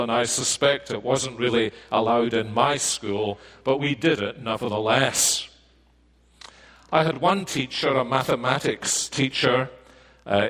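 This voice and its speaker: A Scottish man delivering a sermon at an unhurried, very slow pace. His voice sits at an ordinary pitch, and his delivery is measured and deliberate, with frequent pauses. He lifts his voice to stress key points. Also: a bit bright, low-quality recording. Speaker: preacher.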